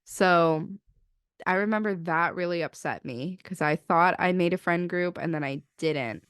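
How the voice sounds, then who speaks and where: A woman's voice: fairly low pitch, a little slow, fairly bright tone, clear, resonant tone, dry recording, studio quality. A young woman in her twenties co-hosting a podcast, telling a personal story in a chatty way, full of "like" and acted-out quotes. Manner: chatty, many "like" fillers, acts out quotes. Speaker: podcast co-host. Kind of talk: casual storytelling chat.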